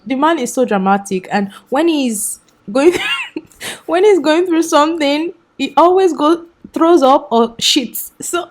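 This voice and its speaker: A woman's voice: mid-range voice, darkish tone. A young woman chatting enthusiastically through a casual book review vlog, often laughing.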